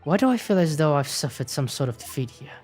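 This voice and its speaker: Brief: woman voicing a bewildered young man, muttered low, faint music. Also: big pitch swings, quick pace, darkish tone. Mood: puzzled.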